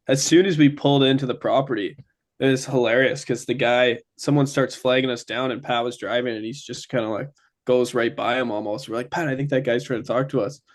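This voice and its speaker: A young man from Ontario, telling a story as a guest in casual chat, full of fillers. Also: medium pitch. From Ontario, Canada. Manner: chatty, many fillers.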